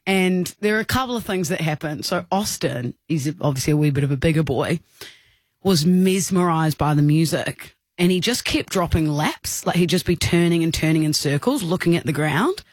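A woman's voice: low-pitched, expressive, moderate pace, no room sound. An Australian woman in her thirties co-hosting a radio show, chatty and giggly as she tells a story. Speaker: radio co-host. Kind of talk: casual radio banter. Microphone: studio microphone.

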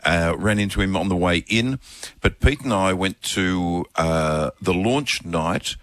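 A man hosting a talkback radio show, telling a story in a rambling, halting way with many fillers. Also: sits low, a bit bright, no room sound. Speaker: radio host. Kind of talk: casual talkback radio chat.

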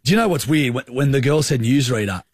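A young Australian man jokes and teases his co-host on a radio show. His voice has a husky edge. The studio mic is close and dry. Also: mid-range voice, animated, fast, dry recording. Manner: joking, teasing, loose. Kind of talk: casual on-air banter. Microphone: studio microphone.

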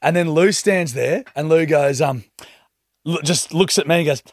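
A man's voice: a little high, normal speed, no echo, studio quality. A man, co-hosting a casual radio show and teasing his co-host with frequent laughter. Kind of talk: casual breakfast radio banter.

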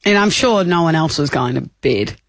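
A man's voice: on the high side, expressive, a bit bright, no echo, studio quality. A man with an Australian accent, co-hosting a radio show and teasing his co-host. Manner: teasing, quick to laugh along. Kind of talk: casual radio banter.

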